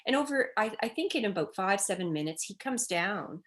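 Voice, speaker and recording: Woman, middle-aged, conversational interview, animated storyteller, mid pitch. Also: fairly quick. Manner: animated storytelling, acting out children's cries in quotes. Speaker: child development expert guest.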